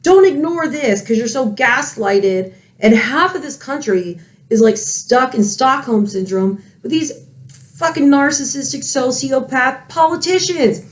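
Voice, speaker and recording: Woman, furious rant, swearing, fairly high pitch, commentary vlog. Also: animated, measured pace. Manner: angry, heated, swearing. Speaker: political commentary vlogger. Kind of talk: ranting commentary.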